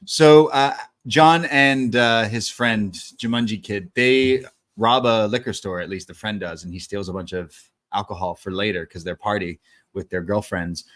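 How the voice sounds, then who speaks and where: A man's voice: fairly low pitch, moderate pace, a bit bright. Casual man recapping a film. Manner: loose plot recap with swearing and filler. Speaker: podcast co-host. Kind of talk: casual movie review chat.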